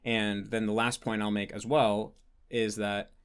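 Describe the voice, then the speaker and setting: A man's voice: on the low side, level tone, measured pace, smooth. An American man answering patron questions in a casual monologue, thinking aloud with many fillers and restarts. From United States.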